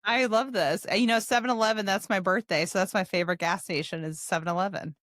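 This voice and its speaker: Brief: woman host, laughs a lot, mid pitch, dry close sound. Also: steady tone, quick pace, a bit bright, no echo. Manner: giggly, plays along. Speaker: podcast host. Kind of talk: casual chat.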